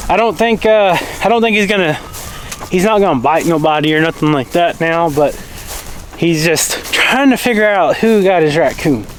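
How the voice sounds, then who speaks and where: High-pitched guy doing a casual farm vlog outside, chatting to his animals, bit of background noise. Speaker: farm vlogger. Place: outdoors on a farm.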